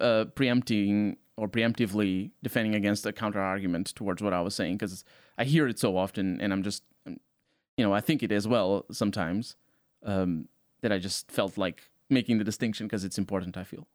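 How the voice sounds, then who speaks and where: A man's voice: on the low side, moderate pace, no room sound, clean studio sound. A young man in casual podcast chat, earnest and hedging, often restarting his sentences.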